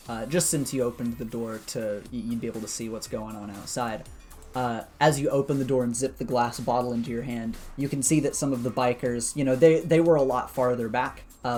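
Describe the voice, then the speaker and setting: A man narrating a tabletop game as game master in a relaxed way, with many "uh" fillers. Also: medium pitch. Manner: relaxed, lots of "uh" fillers, chuckles.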